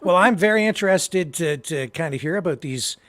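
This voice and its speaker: A man from Canada with a Canadian accent, hosting a casual interview, soft-spoken and hesitant. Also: fairly high pitch, animated, a little fast. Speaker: host.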